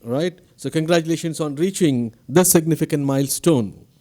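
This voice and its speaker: A man's voice: a little high, moderate pace, mellow. A man with an Indian English accent giving a formal convocation address as institute director, asking the audience questions, recorded at a podium mic in a ceremony hall. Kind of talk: formal commencement speech.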